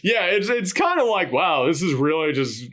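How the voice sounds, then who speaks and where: Guy chatting about an old monster movie, lively voice that jumps all over, does little voices for the quotes. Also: sits high, moderate pace. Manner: animated, acts out quotes in dramatic voices. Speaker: podcast co-host. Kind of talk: casual movie review chat.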